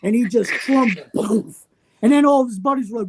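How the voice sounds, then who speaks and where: A man on a podcast telling a story in a casual way. He swears constantly and sounds brash and animated. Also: very high voice, a little fast, a crowd in the background. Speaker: podcast regular.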